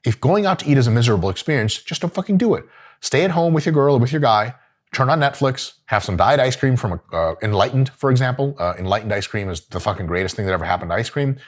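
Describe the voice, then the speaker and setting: A man in middle age gives diet advice in a blunt, profane, comedic way. He swings between deadpan asides and bursts of mock outrage as he riffs. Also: medium pitch, quick pace. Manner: brash, swearing, jokey, swings into mock outrage. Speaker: host.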